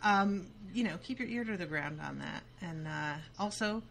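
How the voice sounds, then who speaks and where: A woman's voice: on the low side, lively intonation, moderate pace, creaky, fairly bright tone, slight background noise. A woman hosting a podcast, talking casually and enthusiastically, with offhand swearing. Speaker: podcast host. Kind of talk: casual chat.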